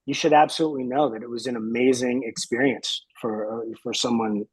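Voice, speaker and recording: Man, fifties, guest, husky voice, rambling, dry sound. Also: medium pitch, steady tone, a little fast, dry recording, rough recording. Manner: reflective, rambling with many fillers. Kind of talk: casual chat.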